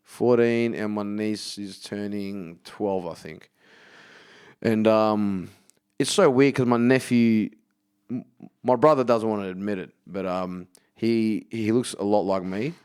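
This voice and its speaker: Smooth-voiced swearing comedian man. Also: lowish voice, a little slow. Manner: animated storyteller, swears freely. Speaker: comedian guest. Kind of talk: casual podcast chat.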